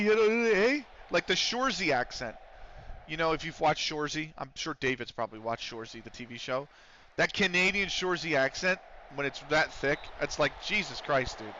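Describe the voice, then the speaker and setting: A man's voice: a little high, bright, forceful tone, dull audio, a little hiss or hum. A man livestreaming a game, chatting casually with viewers, swearing freely and breaking into play-by-play calls. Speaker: streamer.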